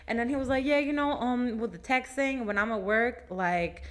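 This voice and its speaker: A young woman chats casually as a podcast co-host, acting out dialogue as she tells a story. Her voice sits a little high, and she swears freely. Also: normal speed, a loud crowd.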